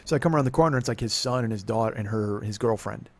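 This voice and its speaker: A middle-aged Californian podcast host tells a long personal story in a confessional monologue, rambling, swearing, and often cutting himself off mid-sentence. His voice is lowish and darkish in tone, and he speaks fast.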